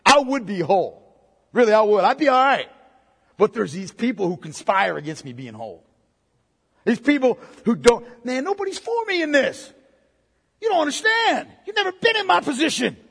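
A whining, self-pitying sick man, put on by a preacher, pitches his voice high and swings it wildly as he blames everyone else. His tone is husky, and it rings out in a long hall echo. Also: sing-song, moderate pace, heavily acted. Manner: whiny, complaining, rising to a shout.

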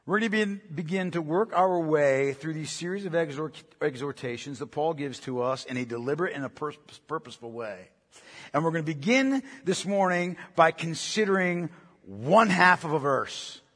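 A man's voice: on the high side, animated, moderate pace, fairly bright tone. A man preaching a sermon as pastor, earnest and emphatic, piling up rhetorical questions and checking in with his listeners. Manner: earnest, emphatic, asks many rhetorical questions, often adds "right?". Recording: long reverb of a large hall.

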